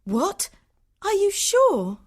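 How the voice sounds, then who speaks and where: A man's voice: extremely high pitch, huge pitch swings, very slow, voice pushed up, full character voice. A man reading a storybook and voicing a forthright young woman who speaks up for her friends.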